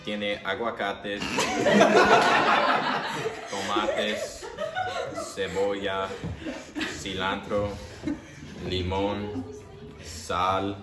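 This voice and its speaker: A man slowly listing ingredients in a halting way. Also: fairly low pitch, very animated, reverberant, far from the mic, over loud music.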